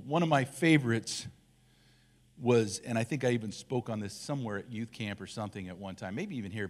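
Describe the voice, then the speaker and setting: An older man, a church elder, giving a relaxed conversational sermon and acting out the voices of the people in his story. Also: mid-range voice.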